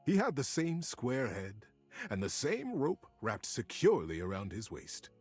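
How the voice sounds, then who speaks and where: A man giving a scripted storybook narration in an expressive, theatrical way. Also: medium pitch, a little slow, husky, faint music behind.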